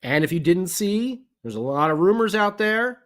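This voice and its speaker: An excitable man co-hosting a sports podcast, talking in a fairly high voice. His pitch leaps around constantly. He rambles, restarts sentences and drops in little exclamations. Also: moderate pace. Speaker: podcast co-host. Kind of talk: casual sports podcast chat.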